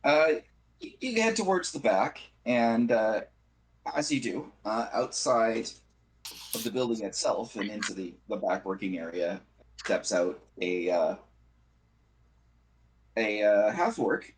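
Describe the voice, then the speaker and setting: A man running a tabletop game as game master over a voice call, talking haltingly with many fillers. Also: lowish voice, lively intonation, slight background noise, low-quality recording. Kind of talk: narrating a tabletop game online.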